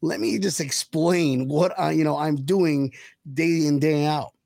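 Gravelly, high-ish voiced podcast host. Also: male voice, a little slow, no room sound. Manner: energetic, jokey, rambling. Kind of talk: live-stream podcast hosting.

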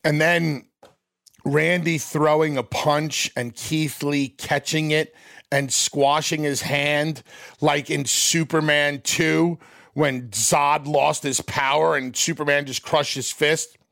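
A man with a slightly high, gravelly voice jokes through casual wrestling talk, spinning it into stories. His voice sounds dry and close, with no room around it. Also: fairly even intonation, takes it slowly, a bit bright, dry recording. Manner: joking, storytelling.

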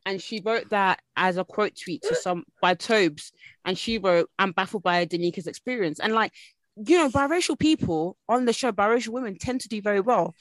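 A woman's voice: mid-range voice, normal speed, no room sound. A woman hosting a podcast in casual chat, chatty and full of restarts. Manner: chatty, restarts often, says "you lot". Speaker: podcast host.

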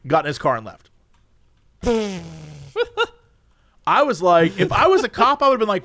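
A man's voice: high voice, lively intonation, moderate pace, pauses often, a bit bright. A man telling a funny story in a casual chat, laughing often and acting out the people he quotes. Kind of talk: casual anecdote.

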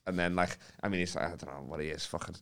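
A man's voice: low-pitched, fairly even intonation, racing, creaky, a bit bright. A young man telling a long story in casual podcast chat, rambling and sweary with lots of fillers, on a faulty microphone. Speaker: comedian guest.

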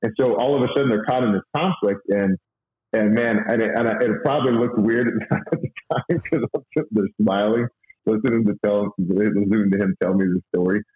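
Man, low-pitched voice, earnest and halting, roomy dull recording. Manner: halting, many fillers and restarts, earnest. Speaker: guest sharing faith and money advice. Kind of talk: casual conversational talk.

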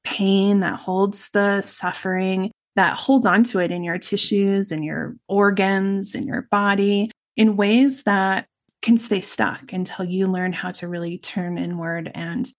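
A woman's voice: mid-range voice, fairly even intonation, a little slow. Earnest woman telling her story. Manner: reflective, earnest, speaks in long runs. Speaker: guest. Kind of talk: personal storytelling interview.

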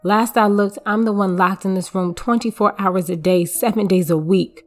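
A woman's voice: medium pitch, moderate pace, soft background music, close to an everyday voice. A woman voicing a desperate captive wife who pleads and argues in a raised, strained voice. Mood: scornful.

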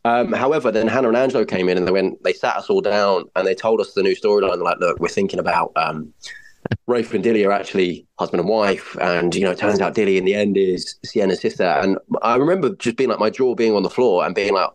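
A man's voice: on the low side, fast, hardly any pauses, poor audio. A man, a soap actor guest, chatting enthusiastically in a casual interview, often repeating words as he talks.

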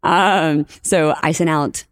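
A young woman from New Orleans, a podcast guest, telling lively stories in casual chat and acting out the lines of the people she quotes. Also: sits low, slow pace, no echo, studio quality. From New Orleans, USA. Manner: animated storyteller, acts out quotes, laughs often.

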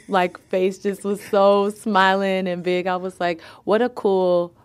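A woman's voice: mid-range voice, little pitch movement, a little slow, clear, resonant tone. A woman guest in an interview, chatting casually and telling family stories, laughing often and acting out what others said. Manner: laughs often, tells stories with quoted voices.

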